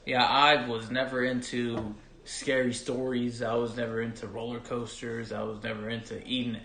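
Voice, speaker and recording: Married man co-hosting, playful and jokey, mid-pitch voice, echoey room. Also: moderate pace, gravelly. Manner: joking, animated. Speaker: co-host. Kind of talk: casual couple chat. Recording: roomy echo.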